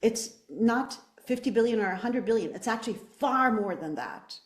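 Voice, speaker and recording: A woman's voice: on the high side, expressive, normal speed, reverberant. A woman running for office, answering interview questions with passion and emphatic rhetorical questions. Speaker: political candidate.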